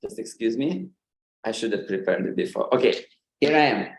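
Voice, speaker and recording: A man's voice: mid-range voice, animated, fairly quick, gravelly, reverberant. A man giving an informal online lesson on pronunciation, with many fillers and light laughs. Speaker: Sanskrit pronunciation presenter.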